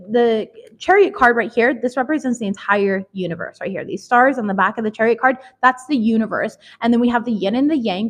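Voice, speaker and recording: A woman in her thirties giving a casual tarot reading, candid and emphatic, swearing freely and calling her viewers baby. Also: on the high side. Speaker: tarot reader.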